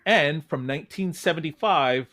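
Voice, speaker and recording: A man's voice: on the high side, normal speed, bright, forceful tone. A man hosting a podcast who chats casually and explains the rules of a game. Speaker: podcast host.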